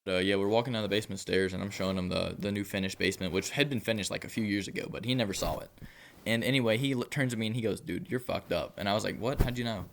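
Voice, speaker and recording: A man's voice: fairly low pitch, racing, vocal fry, slight background noise. A young man telling a rambling personal story in a laid-back way, with lots of filler words. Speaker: storytelling vlogger. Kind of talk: casual storytelling.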